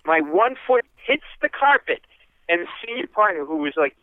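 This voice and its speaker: Animated male comedian spinning a story. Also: sits high, moderate pace, no echo. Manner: animated, acts out voices. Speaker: guest comedian. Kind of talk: storytelling interview. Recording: tinny phone-like line.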